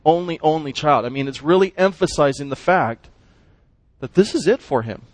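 A man with a high, bright-sounding voice teaches a Bible lesson to his class. He is animated and keeps asking his listeners questions as he explains the text. The recording is dry and close, with no room sound. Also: normal speed, no echo.

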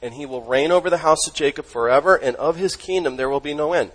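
A man preaching a sermon as pastor, emphatic, asking the congregation questions and dropping his voice low on key words. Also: fast, rough recording.

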